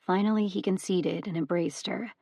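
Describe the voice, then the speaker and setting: A woman narrating an audiobook with measured, even storytelling. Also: on the low side, gravelly, husky, no room sound, studio quality. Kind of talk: scripted narration.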